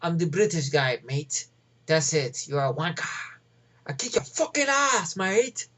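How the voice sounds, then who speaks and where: A man's voice: a little high, very animated, unhurried, fairly bright tone, heavily acted. A man putting on a brash, profane British tough guy, taunting in a slightly muffled recording.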